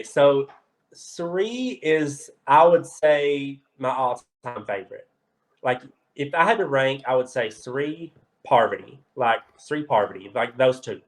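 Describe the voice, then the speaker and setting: Excitable man from Kentucky. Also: mid-range voice, rough recording. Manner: excitable, animated storyteller with frequent filler "like". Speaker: guest. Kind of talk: casual chat, storytelling.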